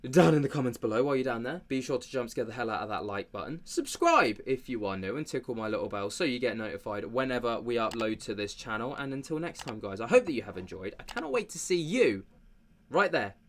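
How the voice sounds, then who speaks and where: A man's voice: mid-range voice, expressive, fast, hardly any pauses. A man hosting a commentary vlog, talking in a chatty, rambling way with many fillers. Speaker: commentary channel host.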